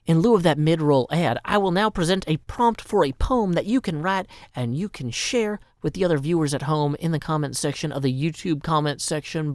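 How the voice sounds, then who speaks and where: A man's voice: fairly high pitch, dry recording, studio quality. A man from Nashville with a Southern US accent, chatting playfully as host while explaining a game he built. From Nashville, Tennessee. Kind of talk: game commentary.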